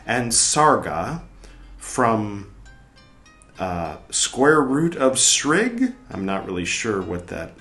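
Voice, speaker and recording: A man reading a book aloud for a podcast, carefully and deliberately, now and then adding wry muttered asides. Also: on the low side, big pitch swings, a bit bright, soft background music. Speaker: podcast reader. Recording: roomy echo.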